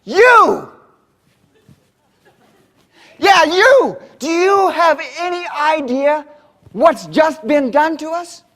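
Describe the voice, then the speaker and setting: A man acting out an angry middle-aged audience member who shouts back at a speaker. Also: very high voice, big pitch swings, drawn-out words, long pauses, voice pushed up, heavily acted. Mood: furious. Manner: shouting, indignant, heckling.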